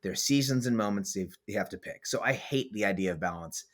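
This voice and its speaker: A man's voice: lowish voice, quick pace. A man hosting a podcast as author and coach, talking in a blunt, emphatic way with vivid swearing. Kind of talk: casual podcast conversation.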